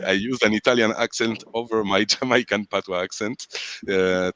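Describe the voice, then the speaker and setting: A man from France, a guest in a casual interview, telling long stories in a relaxed way with many fillers and small laughs. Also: on the low side, no echo. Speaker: guest, sound system selector.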